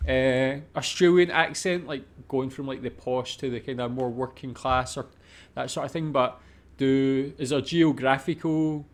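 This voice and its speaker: A man's voice: medium pitch, fairly even intonation, unhurried. A man in his thirties hosting a reaction video, thinking aloud casually and rambling with many fillers.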